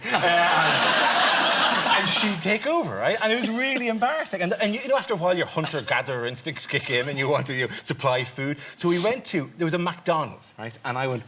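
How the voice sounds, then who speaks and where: A man with an Irish accent, a comedian guest on a chat show, telling a lively comic anecdote and tagging lines with "right?". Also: mid-range voice, brisk, a little hiss or hum. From Ireland. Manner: lively storytelling, tags lines with "right?", laughs through his words; slips into silly voices for people in his stories.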